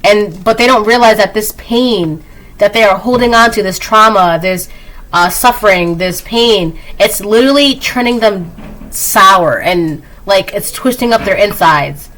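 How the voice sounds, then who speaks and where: A woman doing a casual spoken tarot reading, chatty, laughing often and acting out quick quoted voices. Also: mid-range voice, fairly bright tone, poor audio. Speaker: tarot reader.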